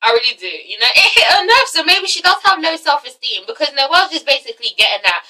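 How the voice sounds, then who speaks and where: Sassy, bright-voiced young woman vlogger. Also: sits high, very animated, quick pace, few pauses, recorded from a distance, low-quality recording. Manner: chatty, sassy, swears. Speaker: TV recap vlogger. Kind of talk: casual recap vlog.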